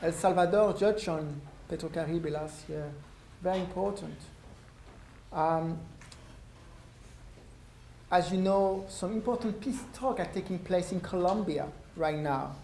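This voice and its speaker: A man with a French accent giving a public talk to an audience. He speaks haltingly with many ums, and his voice is going hoarse. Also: high voice, warm tone. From France. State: losing his voice. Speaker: visiting ambassador speaking to an audience. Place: lecture room at a university. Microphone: no microphone, room recording. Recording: echoey room with faint noise.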